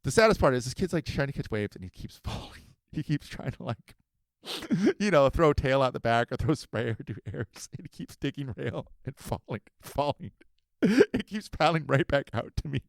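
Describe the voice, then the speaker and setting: A middle-aged man hosting a podcast, telling a long profane story with animated swearing, acting out both sides of an argument and sometimes breaking into shouts. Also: mid-range voice, normal speed, gravelly, no echo, clean studio sound. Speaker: podcast host.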